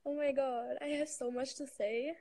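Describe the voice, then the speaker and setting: A woman fan on a live stream call, soft-spoken and emotional, close to tears. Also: high voice, steady tone, normal speed.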